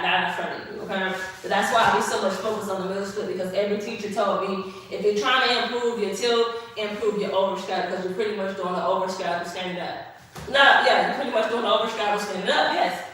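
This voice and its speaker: Her medium-pitched, slightly bright voice is recorded from a distance, off-mic in a very echoey room. She hosts a casual stretching livestream, talking sassily and chattily to her viewers while a bit winded from the effort.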